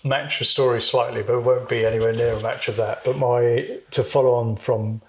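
A man in his fifties speaks at a middling pitch in a calm, reflective interview. He weighs his words and explains his views at an even pace. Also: a little fast, a little hiss or hum. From United Kingdom. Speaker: military officer guest. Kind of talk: casual interview talk.

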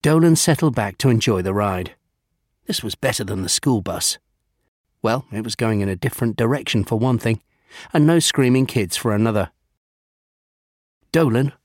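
A man narrating a children's storybook, savouring lists with gentle humour. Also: fairly low pitch, expressive, moderate pace, no room sound, clean studio sound.

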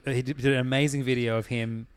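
A man's voice: medium pitch, little pitch movement, fast. A man co-hosting a podcast, chatting casually with dry, offhand quips. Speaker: podcast co-host. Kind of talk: casual comedic chat.

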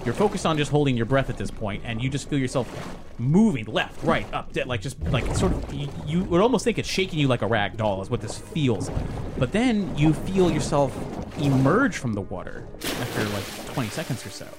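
A man's voice: mid-range voice, brisk. Man narrating a tabletop game over music. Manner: animated, laughs often while narrating. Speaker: game master.

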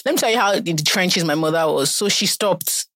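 A Nigerian woman co-hosting a podcast, telling stories in a teasing, animated way. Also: on the low side, brisk, dry recording. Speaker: podcast co-host. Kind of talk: casual chat.

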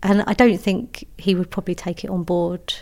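Chatty woman with a low voice. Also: steady tone, moderate pace, gravelly, darkish tone. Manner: chatty, self-deprecating, many restarts and fillers. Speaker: author guest. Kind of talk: casual storytelling interview.

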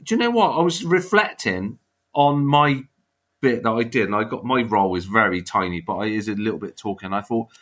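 A man's voice: lowish voice, lively intonation, fairly quick, fairly bright tone. A man with a Bristol accent, an actor guesting on a podcast, chatting in an easygoing, rambling way. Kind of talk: casual podcast chat.

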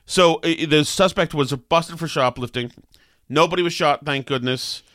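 A man's voice: fairly high pitch, normal speed, fairly bright tone, no room sound, studio quality. A man hosting a talk show with a New England accent, rambling and sarcastic with many fillers. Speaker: talk radio host. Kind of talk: opinionated casual talk.

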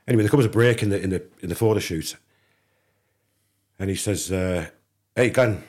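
Husky low-voiced Englishman telling a story. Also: normal speed. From England. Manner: animated anecdote teller, acts out dialogue. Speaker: podcast guest. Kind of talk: casual storytelling.

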